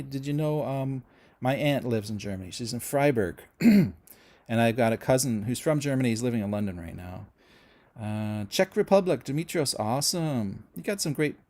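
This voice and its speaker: A middle-aged man from Canada hosts a relaxed livestream, greeting viewers one by one. He talks in a rambling, friendly way, with plenty of "uh"s and restarts, and his voice sits at an ordinary middle pitch. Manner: chatty, friendly, rambling with many fillers and restarts. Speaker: host of a music channel livestream. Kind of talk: casual livestream chat reading viewer comments.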